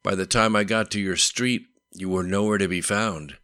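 A man's voice: low voice, steady tone, moderate pace, fairly bright tone, smooth, no echo, studio quality, voice pushed up. A man voicing an earnest, loyal male delivery manager who speaks in a heartfelt way.

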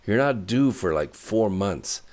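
A man's voice: fairly low pitch, expressive, measured pace, darkish tone, pitched above the performer's own voice. Narrator playing a joking, protective young man, breezy delivery.

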